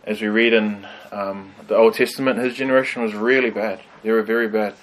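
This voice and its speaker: A man teaching a conversational Bible study, thoughtful and pausing with frequent ums. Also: on the low side, fairly even intonation, rough recording.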